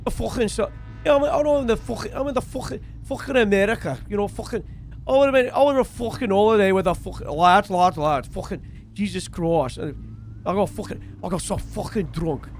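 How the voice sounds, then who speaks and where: A man's voice: high voice, a little fast, slight background noise. A man voicing a drunk, lost, foul-mouthed British man who rambles and swears constantly in a game role-play. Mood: drunken rant.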